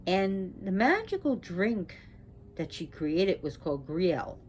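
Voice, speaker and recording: A woman speaking as a priestess, sick and short of breath, talking in a slow, halting way with restarts. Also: fairly low pitch, very animated, darkish tone, a little hiss or hum. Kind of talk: spoken talk on mythology.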